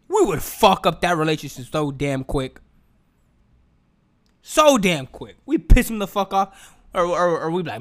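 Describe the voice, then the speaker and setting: A young man rambles through a comedic podcast monologue, loose and slangy with plenty of swearing. His voice sits high and swoops up and down with energy. The tone is bright and forward. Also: moderate pace. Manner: animated, joking, slangy and profane. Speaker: podcast host.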